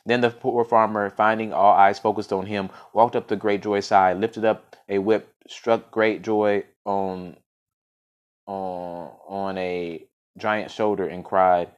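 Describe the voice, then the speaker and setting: Male storyteller with a lowish voice; casual read-aloud of a folk tale, some stumbles. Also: flat delivery, slow pace, dull audio. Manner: unscripted-sounding reading with frequent restarts and fillers.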